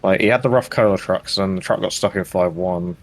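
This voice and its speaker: A man co-commentating a speedrun in quick, offhand bursts, full of fillers. He talks fast in a slightly low voice. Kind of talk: casual live commentary.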